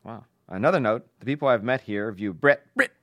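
A man's voice: medium pitch, expressive, brisk, no echo. Man reading listener mail on a dry mic. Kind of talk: casual podcast chat, reading letters aloud.

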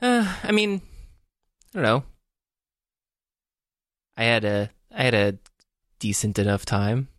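A man's voice: mid-range voice, very animated, slow, pauses often, fairly bright tone, no echo, studio quality. A man chatting casually on a podcast, rambling and wry, often chuckling between phrases. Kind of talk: casual chat.

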